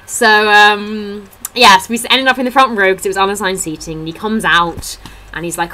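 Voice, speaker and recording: A woman's voice: mid-range voice, steady tone, moderate pace, bright, forceful tone, low-quality recording. A young woman chatting into her laptop webcam at home, telling funny stories and acting out what others said. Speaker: vlogger. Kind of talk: casual chat. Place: indoors at a table at home.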